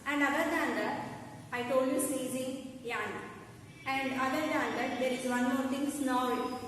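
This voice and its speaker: A woman's voice: high voice, steady tone, unhurried, a bit bright, slight background noise. A woman with a Telugu-influenced Indian English accent teaching a school science lesson, repeating points and checking whether students understood. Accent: Indian English, Telugu-speaking. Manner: repetitive, checks understanding with questions. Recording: echoey room from far off.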